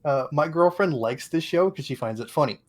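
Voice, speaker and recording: A man's voice: fairly high pitch, animated, fairly quick, over a noisy crowd. A young man co-hosting a podcast, recapping an anime episode in casual chat, with plenty of fillers and quoted asides. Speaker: podcast co-host.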